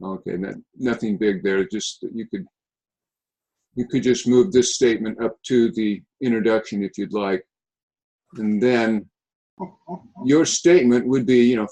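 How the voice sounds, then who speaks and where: Casting: male instructor, halting delivery, full of fillers and restarts, video call audio. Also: on the low side, mellow, rough recording. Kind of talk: online class feedback session.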